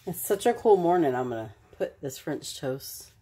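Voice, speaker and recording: A woman's voice: sits low, big pitch swings, moderate pace, warm tone. A woman in her home kitchen, chatting to her dogs in a sing-song, doting voice. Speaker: dog owner.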